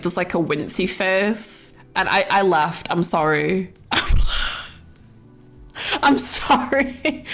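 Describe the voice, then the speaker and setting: A woman's voice: mid-range voice, fairly bright tone. A young woman streaming casual chat about a film she just saw, rambling, swearing freely and breaking into giggles.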